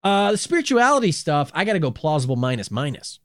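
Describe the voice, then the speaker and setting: Laughing, crude-joking podcast host. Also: male voice, on the high side, sing-song, fast, fairly bright tone, no echo, studio quality. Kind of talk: casual comedic podcast chat.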